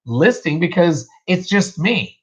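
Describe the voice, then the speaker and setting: A man's voice: high-pitched, big pitch swings, takes it slowly, husky. A man hosting a casual livestream, rambling and self-deprecating with many restarts. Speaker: reseller host. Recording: dull lo-fi livestream audio.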